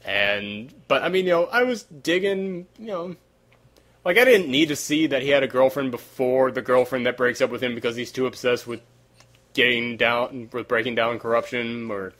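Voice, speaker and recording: The same weary host of a casual podcast speaks in a mid-range, slightly bright voice. Worn out and sore-throated in a hot, unair-conditioned room, he rambles and gropes for the right words.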